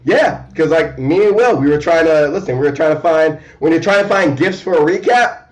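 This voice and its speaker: A man's voice: fairly high pitch, expressive, fairly quick, low-quality recording. Laid-back joking man in his thirties. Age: 30s. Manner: laughing, joking, trailing restarts. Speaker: co-host. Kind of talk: casual podcast chat.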